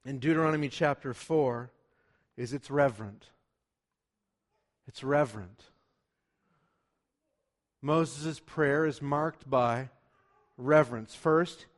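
A man preaching a sermon as a pastor, moving from hushed pleading to loud, emphatic declarations. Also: fairly high pitch.

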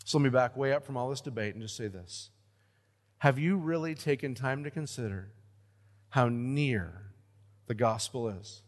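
A pastor preaching a sermon, with lively swings between loud emphatic lines and hushed, low ones. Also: male voice, normal speed, long reverb tail.

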